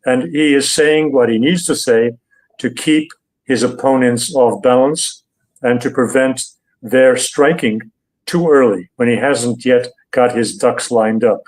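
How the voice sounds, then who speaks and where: An older male guest analyst with a mid-pitched voice lays out his views in an interview. He speaks deliberately, pausing often with fillers as he builds each point. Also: darkish tone, rough recording. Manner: deliberate, hesitant, with many fillers.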